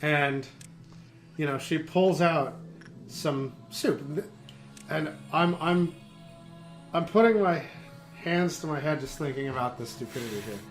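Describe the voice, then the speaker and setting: A man co-hosting a gaming podcast, telling a story with animated, laughing delivery. His voice sits high and his pace is unhurried. Game music is clearly heard behind him. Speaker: podcast co-host. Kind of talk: casual chat over gameplay.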